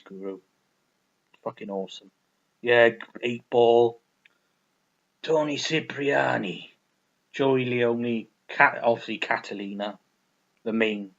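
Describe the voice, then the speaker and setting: A man's voice: mid-range voice, muffled recording. A man ranting casually about old video games, rambling, swearing a lot and repeating himself. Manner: rambling, profane, repetitive. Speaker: gaming vlogger. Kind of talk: casual game review rant.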